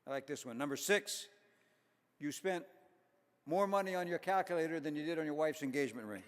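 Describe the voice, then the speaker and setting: An older man giving an after-dinner speech at a banquet, telling folksy jokes with deadpan punchlines and chuckling at his own jokes. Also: on the high side, a little fast, slight background noise. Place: large banquet hall. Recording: long hall reverb.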